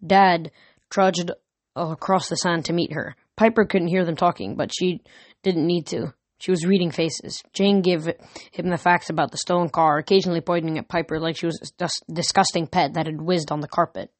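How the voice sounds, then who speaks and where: A woman narrating an audiobook in a steady, earnest storytelling manner, recorded close. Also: on the low side, moderate pace, no echo.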